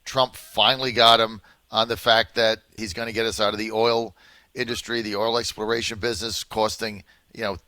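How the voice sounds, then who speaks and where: A man's voice: lowish voice, little pitch movement, moderate pace, bright, forceful tone. A man hosting a political talk radio show, speaking in an emphatic, punchy way.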